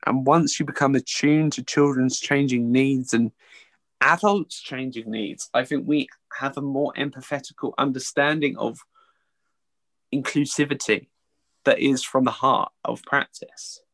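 A man answers interview questions about his work as an early educator, speaking earnestly and often restarting his sentences. His voice carries a gravelly, creaky texture, and it sounds dry and close with no room echo. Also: medium pitch, fairly even intonation, a bit bright. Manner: earnest, halting, with many restarts.

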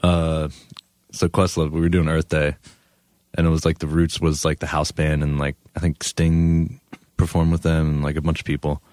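Very deep-voiced man telling stories. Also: level tone, moderate pace, a little mellow, dry recording. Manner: laid-back storyteller, laughs often, many "like" fillers. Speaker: guest. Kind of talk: casual chat.

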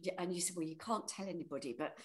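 A woman's voice: on the low side, quick pace. A woman hosting an interview, chatting and reminiscing with the guest in a friendly way. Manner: chatty, reminiscing, tag questions. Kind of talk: warm casual interview chat.

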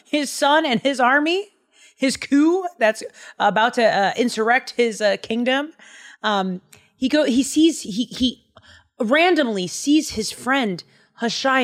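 Animated slangy woman podcast host. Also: high voice. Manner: animated, slangy, acts out dialogue. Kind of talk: casual chat retelling a Bible story.

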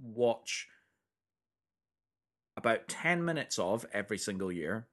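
A man co-hosting a podcast in casual chat, animated and playful, sometimes singing a line as a joke. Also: fairly low pitch, slow. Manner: animated, playful, sings lines in a jokey tone. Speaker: podcast co-host.

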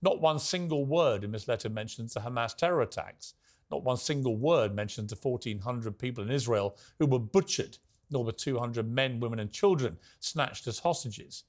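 A man's voice: medium pitch, normal speed. A man with a British accent hosting a TV talk show, giving a pointed, indignant opinion monologue full of rhetorical questions, then questioning a guest.

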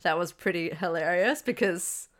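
Woman with a lowish voice, laid back podcast chat about a movie. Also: moderate pace. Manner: relaxed, chatty, laughs along. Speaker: podcast co-host. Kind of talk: casual film chat.

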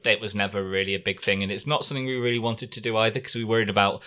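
Calm man steering a podcast chat. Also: lowish voice, racing, smooth. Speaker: podcast host, father. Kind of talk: casual chat.

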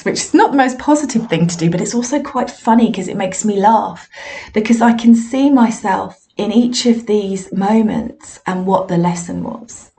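A woman speaks candidly into her podcast, recounting her own failures in a frank, self-deprecating, conversational way. Her voice sits at an ordinary middle pitch for a woman. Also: a little mellow. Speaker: podcast host and medium. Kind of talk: personal storytelling monologue.

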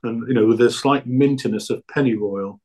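A man's voice: mid-range voice, fairly quick, darkish tone. A man chatting enthusiastically as a podcast guest about the food he makes. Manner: enthusiastic, chatty about his own produce. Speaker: guest, black pudding producer. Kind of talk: casual podcast interview.

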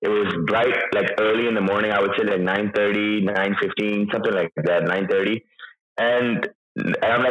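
Low-voiced man in his thirties, halting. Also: steady tone, a bit bright, reverberant, muffled recording. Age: 30s. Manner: emotional, hesitant storytelling with many restarts. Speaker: interview guest. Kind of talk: personal account in an interview.

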